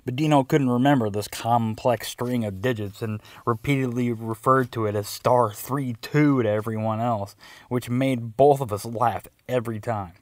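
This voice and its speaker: A man's voice: medium pitch, moderate pace, darkish tone, no room sound. A man narrating a personal story in a wry, conversational way.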